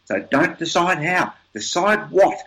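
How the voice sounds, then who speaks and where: A man's voice: fairly high pitch, expressive, measured pace, a bit bright, poor audio. An older man, an interview guest, telling motivational stories in an emphatic, upbeat way with repeated words. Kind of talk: motivational storytelling.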